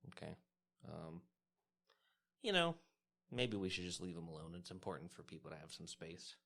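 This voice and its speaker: A man with a low voice plays his character in a tabletop game. His tone is playful, with a sarcastic edge running through it. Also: animated, normal speed, creaky, bright, forceful tone. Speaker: player. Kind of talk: in-character tabletop role-play.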